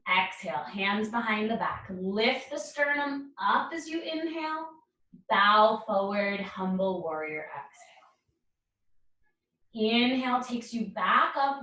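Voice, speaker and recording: A woman leading a yoga class, calling out poses and breaths in calm, encouraging cues. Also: a little high, takes it slowly, recorded from a distance. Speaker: yoga instructor. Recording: roomy echo, speaker away from mic.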